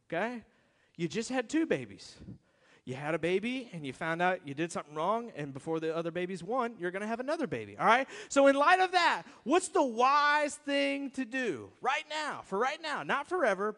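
Preaching in a voice that sits high with a fairly bright tone, a middle-aged pastor gives an emphatic, conversational sermon. He often turns to the audience with rhetorical questions, and the church hall adds long reverb.

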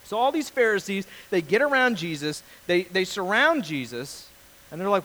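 A man's voice: high voice, a little fast, low-quality recording. A male pastor giving a casual, jokey sermon, acting out the people in the story. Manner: animated storyteller, acts out voices, jokey.

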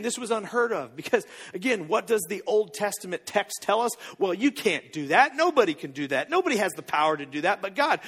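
Male pastor preaching, husky and a touch high, acts out his stories. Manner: storytelling with acted-out quotes, swinging from loud to hushed. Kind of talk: sermon.

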